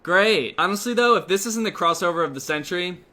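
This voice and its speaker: A man's voice: high-pitched, animated, fairly quick, bright, forceful tone. A young man doing comedic video commentary, sarcastic and incredulous, with jokey asides. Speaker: commentary youtuber.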